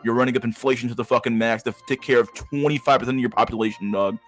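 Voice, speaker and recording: A man's voice: medium pitch, steady tone, very fast. A man hosting a podcast, reading a news article aloud and breaking off into profane, slangy asides. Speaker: podcast host.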